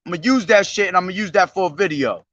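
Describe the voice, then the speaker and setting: High-pitched street preacher guy, swinging from shouted verses to cussing rants, dry dull sound. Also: very fast, dry recording, distant mic. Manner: profane, agitated ranting between loud declaimed verses. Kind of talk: street preaching with scripture reading. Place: outdoors on a street.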